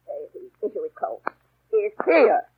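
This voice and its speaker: An actress playing a prim, domineering spinster aunt who chairs a ladies' literary circle, indignant and theatrical, in a 1930s radio drama. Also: female voice, mid-range voice, wildly swooping pitch, measured pace, slightly rough, exaggerated voice. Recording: scratchy phone-like 1930s radio broadcast.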